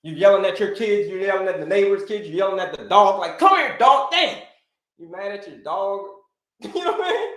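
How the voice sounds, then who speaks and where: Animated male health coach, echoey room. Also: high voice, brisk. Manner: animated, repeats phrases, addresses viewers as folks. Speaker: health coach hosting a live stream. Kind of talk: energetic live-stream coaching talk.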